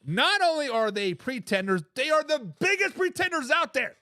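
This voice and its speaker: Male sports talk host, high and very animated pitch, emphatic and repetitive, dry close sound. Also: normal speed, dry recording. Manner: emphatic, repeats his points; laughs between remarks. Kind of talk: casual sports commentary, reading viewer comments.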